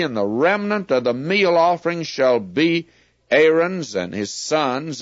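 A man teaching through a Bible passage verse by verse, measured and explanatory, leaning hard on key words. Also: medium pitch, dry recording, highs cut off.

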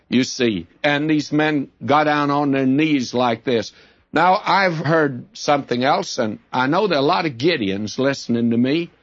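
Male preacher, folksy and emphatic, slightly high voice, old lo-fi tape. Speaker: preacher and Bible teacher. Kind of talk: sermon. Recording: dull lo-fi old recording.

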